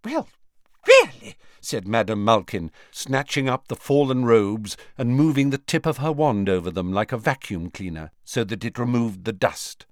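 A man narrating a storybook in an expressive, animated reading, in a dry recording. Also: fairly low pitch, moderate pace, few pauses, dry recording. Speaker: audiobook narrator.

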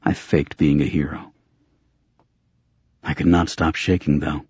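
A man's voice: very deep voice, little pitch movement, measured pace, darkish tone, slightly rough, dry recording. A man reading a first-person story aloud as an audiobook narrator, with a dry, gritty storytelling manner. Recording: dull, muffled audio.

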